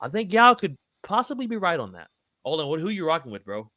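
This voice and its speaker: Excitable profane podcast co-host, high lively delivery. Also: male voice, fast talker, no room sound, dull audio. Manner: excitable, profane, says "bro" constantly. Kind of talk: casual MMA prediction chat.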